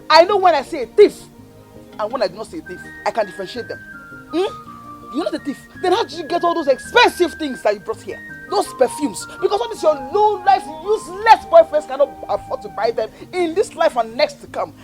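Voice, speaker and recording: A scornful young Nigerian woman in a family film drama. The voice sits high and leaps all over in pitch as she jeers and taunts her sister. Her Nigerian accent colours every mocking line. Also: sing-song, fairly quick, faint music behind. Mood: taunting. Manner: mocking, taunting, swings between shouting and muttering.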